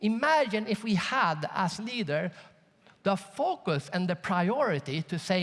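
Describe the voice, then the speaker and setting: A man from Sweden delivers a keynote in a large conference hall, his voice high and swooping as he tells an animated story. He throws questions out to the crowd, and his words ring with the long reverb of the big room. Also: measured pace. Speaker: keynote speaker.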